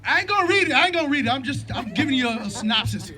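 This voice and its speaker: A man's voice: very high voice, very animated, rapid-fire. A middle-aged man giving an impassioned rally speech at a street protest, fervent and repetitive with a preacher-like cadence. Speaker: protest speaker. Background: faint crowd.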